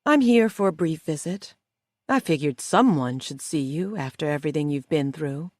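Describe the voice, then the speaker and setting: A woman voicing a cool, scheming woman who taunts slowly and softly in an audiobook. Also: low-pitched, expressive, no echo. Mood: mocking. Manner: slow, soft, mocking delivery. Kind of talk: audiobook character voice.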